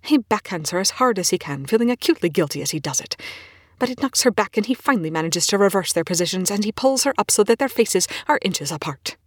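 Husky woman reading a story aloud. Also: mid-range voice, quick pace, no room sound, studio quality. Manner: expressive, swearing, dropping to whispers. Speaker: reader. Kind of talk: fan fiction read aloud.

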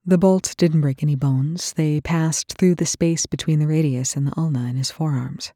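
A woman's voice: low voice, steady tone, normal speed, warm tone, no room sound, studio quality. Woman doing a stern, tired medic. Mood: firm. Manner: firm, matter-of-fact.

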